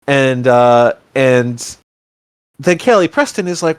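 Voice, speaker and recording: A man co-hosting a podcast, chatting casually about a film and acting out the characters' lines in an animated way. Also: medium pitch, a little slow, dry recording. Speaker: podcast co-host. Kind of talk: casual movie review chat.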